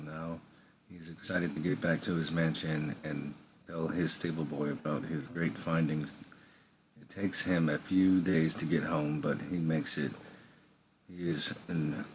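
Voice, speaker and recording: A man's voice: very deep voice, slight background noise. A man telling an improvised first-person story in a rambling way, with slips and restarts.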